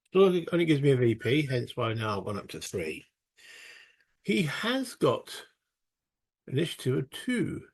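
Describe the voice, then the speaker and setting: Chatty British man with a gravelly edge. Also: mid-range voice. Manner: chatty, self-mocking, thinks aloud while playing. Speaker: solo board game player. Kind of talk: tabletop game playthrough narration.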